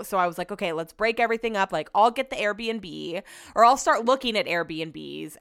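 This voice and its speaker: A woman's voice: lowish voice, a bit bright, clean tone, no room sound, studio quality. A woman host chatting casually about her week, a chatty storyteller who swears freely and acts out what she said. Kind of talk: casual chat.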